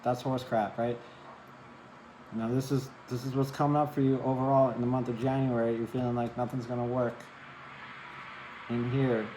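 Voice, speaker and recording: A man's voice: medium pitch, echoey room, slight background noise, poor audio. A man giving a casual tarot reading to camera, chatty, often asking "right?" and apologizing for cursing. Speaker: tarot reader.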